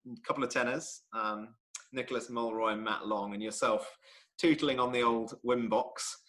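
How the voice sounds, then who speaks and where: Male interview host, affable, bright forceful tone, short prompts. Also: medium pitch, fairly even intonation, moderate pace. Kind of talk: casual interview chat.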